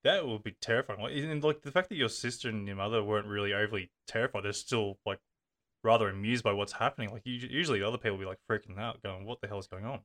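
A man's voice: lowish voice, quick pace, a bit bright. A man interviewing a guest, asking questions in a hesitant way full of fillers.

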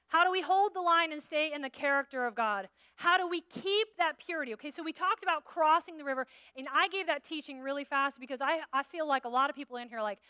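Animated bright-voiced woman preaching. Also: high-pitched, brisk, dry recording, studio quality. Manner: animated, playful preaching with acted asides. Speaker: conference speaker. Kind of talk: sermon. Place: conference room.

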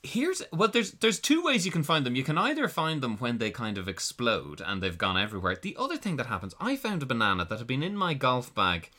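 A man's voice: mid-range voice, big pitch swings, fairly quick, few pauses, pushed and bright. A man co-hosting a podcast in casual chat, dry and curious, asking lots of questions. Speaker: podcast co-host.

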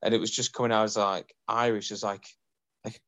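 A man chats on a podcast in a relaxed way, adding short agreements and laughing easily. His voice sits a little low, and he talks loosely. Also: brisk. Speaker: podcast co-host. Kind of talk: casual podcast chat.

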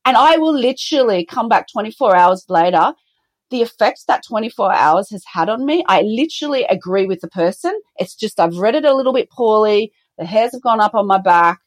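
A woman's voice: mid-range voice, fairly quick, dry recording. A middle-aged woman, a business co-founder, chatting in an interview and acting out quoted dialogue as she tells stories. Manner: animated storyteller, acts out quoted dialogue. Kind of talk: conversational podcast interview.

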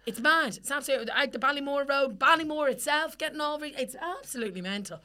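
A woman's voice: sits high, fast. A young Irish woman co-hosting a podcast, chatting casually and laughing, swearing freely as she tells stories. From Ireland. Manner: lively, sweary, laughing storyteller. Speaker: podcast co-host. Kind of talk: casual chat.

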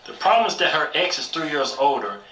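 Skit man: teasing and swearing, very animated, heard from a distance in an echoey, noisy clip. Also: on the high side, brisk. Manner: profane, teasing, wildly animated. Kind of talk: improvised comedy skit. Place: outdoors, in a car.

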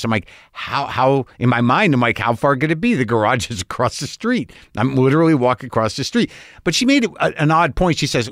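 A man's voice: medium pitch, animated, a little fast, a bit bright, no room sound, studio quality. An older man hosting a podcast, telling a rambling story with wry exasperation and acting out both sides of the conversation. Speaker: podcast host. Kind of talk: storytelling monologue.

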